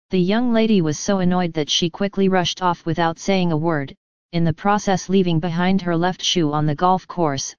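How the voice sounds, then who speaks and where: Woman storyteller, very smooth, dry and slightly dull recording. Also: on the low side, normal speed, no room sound. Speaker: narrator. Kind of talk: scripted story narration.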